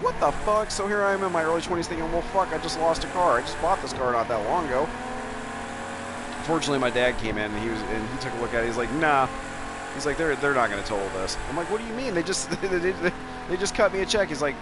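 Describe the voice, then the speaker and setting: With a noisy background behind his mid-range voice, a man streams a racing game and tells rambling, profanity-filled stories, chuckling as he chats casually.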